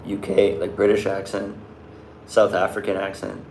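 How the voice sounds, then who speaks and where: A young man talks loosely to his viewers, his voice sitting a little low. He drifts and restarts, stringing thoughts together with "like." The room is echoey, with a faint hiss behind him. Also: monotone, normal speed, gravelly, darkish tone. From Canada. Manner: rambling, loose, many likes and restarts. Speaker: vlogger answering live chat. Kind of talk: casual chat.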